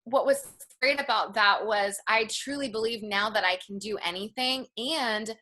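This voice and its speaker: A woman in her thirties telling her personal story in an interview, earnest and reflective, often slow and emotional. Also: fairly high pitch, bright, forceful tone. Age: 30s. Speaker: interview guest.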